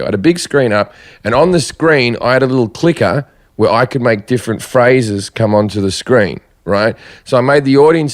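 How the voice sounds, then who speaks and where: A man from Australia, a comedian guest, telling stand-up stories in casual chat and laughing as he goes. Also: medium pitch. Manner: chatty, laughs through stories.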